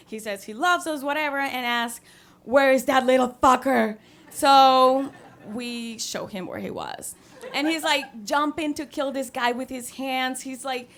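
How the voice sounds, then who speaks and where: A young woman, telling a true story on a stage with wry humor and acted-out voices. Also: sits high. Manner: animated, wry and self-mocking, acting out the voices. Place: theatre stage.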